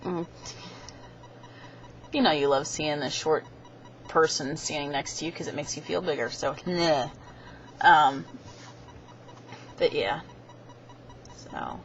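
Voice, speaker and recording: A woman's voice: low-pitched, a little hiss or hum. A young woman vlogging, telling a rambling story to her webcam and acting out the voices of the people in it. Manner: chatty, rambling, acts out quoted voices. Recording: dull lo-fi webcam audio.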